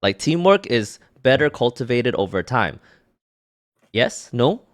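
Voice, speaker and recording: A man co-hosting a podcast in casual chat, animated and teasing, often repeating words. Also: mid-range voice, unhurried. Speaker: podcast co-host.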